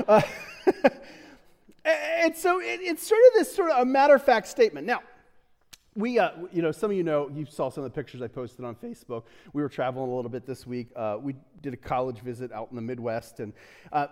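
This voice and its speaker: A man with a fairly high voice gives a casual sermon as pastor, full of jokes and little laughs. His words trail off into a long reverb, as if he is speaking in a large church hall. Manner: joking, chuckling often, restarts and fillers.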